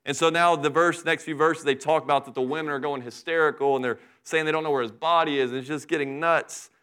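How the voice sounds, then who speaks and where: Conversational preaching man, slightly high voice. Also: steady tone, fast, sharp tone, clean tone. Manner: conversational preaching, acts out Bible characters in asides. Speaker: pastor. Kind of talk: sermon.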